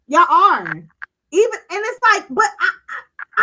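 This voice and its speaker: A woman's voice: extremely high pitch, very animated, normal speed, sharp tone, poor audio. A woman hosting a streaming talk show, ranting bluntly with a lot of swearing and emphatic delivery. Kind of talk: casual livestream commentary.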